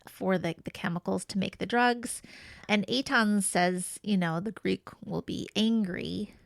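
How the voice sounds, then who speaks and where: A woman co-hosting a podcast, casually recapping a TV episode with quick asides. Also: mid-range voice, creaky, no echo. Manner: chatty, recounts scenes with quick asides and laughs. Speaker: podcast co-host.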